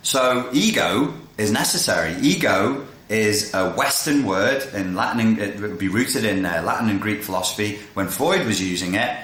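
Excitable man in a roomy echo. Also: fairly low pitch, normal speed, few pauses. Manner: excitable, self-interrupting, jumps between tangents. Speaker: video creator explaining philosophy. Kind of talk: casual spoken explainer.

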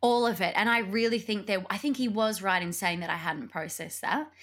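A young adult woman, co-hosting a podcast and telling a breakup story in casual chat, animated and laughing often. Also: mid-range voice, fairly quick. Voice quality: animated, laughs often, acts out quoted voices. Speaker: podcast co-host.

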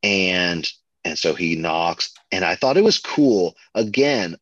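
A man co-hosting a podcast, chatting casually and excitedly about a film, full of fillers and restarts. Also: sits low, takes it slowly, no echo, highs cut off. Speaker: podcast co-host.

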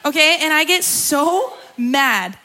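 Bright-voiced young woman giving testimony. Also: sits high, expressive, slow pace. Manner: candid, conversational, laughs often, tearful at times. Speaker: guest speaker at a church gathering. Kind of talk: personal testimony sermon.

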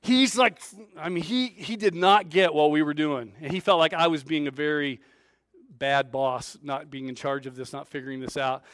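Preacher, male, high-pitched, animated storyteller with big swings in volume, dry close sound. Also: normal speed, dry recording. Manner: lively storyteller with big swings in loudness, acting out quoted voices. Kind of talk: storytelling sermon.

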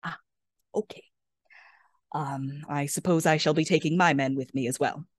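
A nervous, grumpy goblin man, put on by a woman, who stammers and trips over himself. His voice is pushed up above her usual low tone and sounds close and dry. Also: steady tone, normal speed, dry recording. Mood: flustered. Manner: flustered, stammering.

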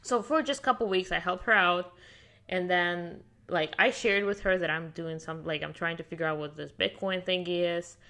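A woman's voice: lowish voice, normal speed, vocal fry, bright, forceful tone. A woman who learned English as an adult, telling her story to a podcast host in a chatty way with lots of "like" fillers. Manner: non-native English speaker, fluent, with many fillers like "like". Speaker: podcast guest. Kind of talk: casual conversational storytelling. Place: lives in Miami, United States.

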